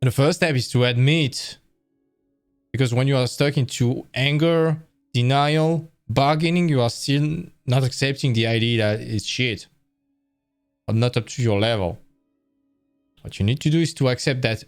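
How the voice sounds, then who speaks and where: Brief: tired male art-stream host, mid-pitched voice, loose rambling chat, faint music behind. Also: moderate pace. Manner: rambling, self-correcting, conversational. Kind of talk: casual live-stream talk.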